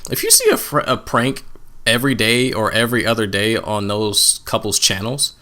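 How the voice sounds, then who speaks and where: A man's voice: fairly low pitch, sing-song, moderate pace, background noise. A man co-hosting a podcast, giving his opinion in casual chat with hedging restarts. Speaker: podcast co-host.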